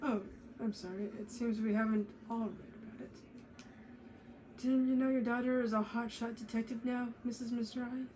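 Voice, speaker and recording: A woman's voice: fairly high pitch, fairly even intonation, normal speed, warm tone, slight background noise, lightly acted, poor audio. A woman voicing a smug, needling man with a drunken slur as she reads a mystery game aloud. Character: smug tipsy-sounding man, needling host.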